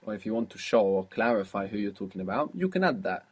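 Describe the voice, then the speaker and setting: Patient male language teacher, husky. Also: fairly low pitch, expressive, fast talker, a little mellow. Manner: patient, prompting questions and repeating answers. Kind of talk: guided spoken lesson.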